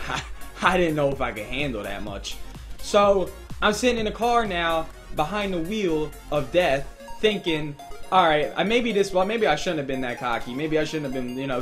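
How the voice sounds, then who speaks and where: A young man casually telling a rambling, animated story while playing a video game, getting loud and excited at times. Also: a little high. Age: young adult. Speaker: gaming YouTuber. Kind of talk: casual storytime over gameplay. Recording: faint background music.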